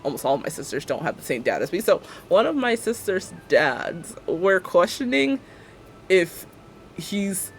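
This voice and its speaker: A woman's voice: on the low side, sing-song, a little slow, soft background music. A young woman live-streaming a building game, chatting casually and sarcastically and laughing often.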